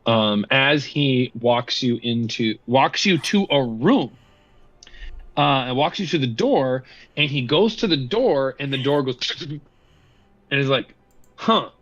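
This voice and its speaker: Rambling game master, a bit muffled. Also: male voice, mid-range voice, lively intonation, takes it slowly, fairly bright tone, dry recording. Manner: rambling, lots of ums and uhs. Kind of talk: running a tabletop game session.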